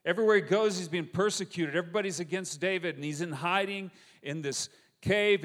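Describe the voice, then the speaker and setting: Preacher man in a reverberant hall. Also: fairly high pitch. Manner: animated, acts out quoted voices, imaginative retelling. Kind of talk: storytelling sermon.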